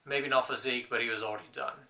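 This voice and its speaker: A man's voice: medium pitch, fairly even intonation, quick pace, sharp tone. A man playing a wry last man on earth. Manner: rambling, wry storytelling. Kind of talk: scripted comedic monologue to camera.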